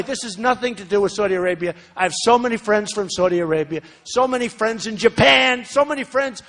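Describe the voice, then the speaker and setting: A man's voice: very high voice, a bit bright. A man in his sixties giving a campaign rally speech, repeating phrases for emphasis and talking to the crowd in asides. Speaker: political candidate. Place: large rally venue.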